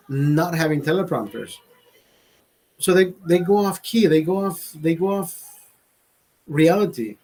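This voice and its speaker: Slightly rough and on the high side, with a darkish tone, this man hosts a livestream and tells a story as a casual rant. He swears and speaks emphatically, often restarting sentences and saying things twice.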